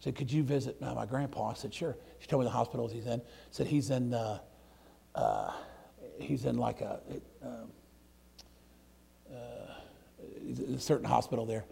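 Gravelly preacher, loud then hushed. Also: male voice, medium pitch, very animated, a little slow, pauses often. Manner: folksy, swings from loud outbursts to hushed near-whispers. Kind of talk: storytelling sermon.

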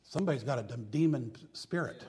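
A man's voice: mid-range voice, expressive, fast, darkish tone, slight background noise. A man preaching a sermon in a folksy, mocking manner. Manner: folksy, mocking, preaching with rising and falling intensity.

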